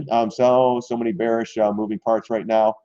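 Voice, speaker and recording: A man hosting a stock trading live stream, talking through charts in a candid, rambling way, often clearing his throat and swearing casually. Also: on the low side, level tone, normal speed, mellow, no room sound, highs cut off.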